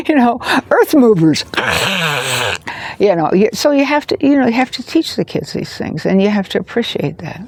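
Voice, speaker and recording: A woman in her seventies, a farmer, telling stories to the camera in a gushing way that drifts into soft whispers. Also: sits low, vocal fry, breathy edge. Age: 70s. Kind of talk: casual storytelling to camera.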